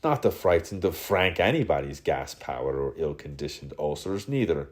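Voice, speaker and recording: A man reading a literary audiobook aloud in a theatrical way, shifting his pitch and loudness between the quoted speakers. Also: expressive, moderate pace, few pauses. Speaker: audiobook reader.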